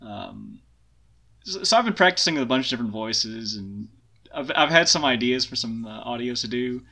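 Bright-voiced Southern man. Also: mid-range voice, lively intonation, moderate pace. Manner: self-deprecating, laughs often. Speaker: guest. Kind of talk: casual interview chat.

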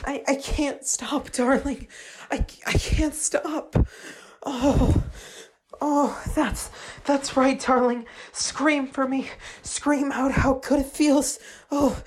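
A clingy, obsessive young woman lover, played by a woman in an intimate audio role-play, her voice high and breathy. She talks slowly and pleadingly, lingering over endearments. Her pitch stays level and unvarying, with little lift or fall. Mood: passionate.

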